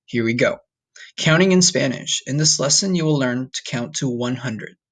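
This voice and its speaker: A man teaching a recorded online Spanish lesson, patient and encouraging, saying numbers slowly for students to repeat. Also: medium pitch. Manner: patient, repeats okay and all right often.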